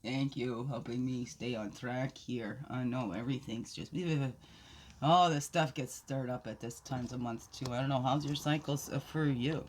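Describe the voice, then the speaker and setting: A woman's voice: a bass voice, steady tone, moderate pace, slight background noise. A middle-aged woman rambling casually and expressively while reading oracle cards, sighing and laughing as she talks. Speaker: oracle card reader. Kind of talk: casual spiritual card reading.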